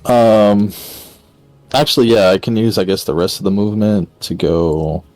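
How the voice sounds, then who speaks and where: A man's voice: lowish voice, fairly even intonation, moderate pace, a little mellow, soft background music. A man playing a tabletop game, talking hesitantly as he decides his moves. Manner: hesitant, full of ums and restarts. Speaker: player. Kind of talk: casual tabletop game play.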